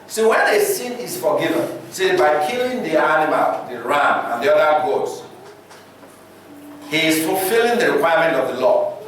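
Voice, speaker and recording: A Nigerian man preaching a sermon, animated and dramatizing scripture stories, heard from afar in an echoing church hall. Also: on the high side, slight background noise. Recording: echoey hall from far off.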